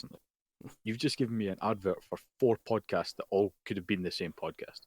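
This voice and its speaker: A man co-hosting a chatty podcast over a voice call speaks quickly in a lowish voice. He rambles, jokes and sometimes slips into mocking voices. The sound is close and dry. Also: dry recording. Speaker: podcast co-host. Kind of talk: casual chat. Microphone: home mic over a voice call.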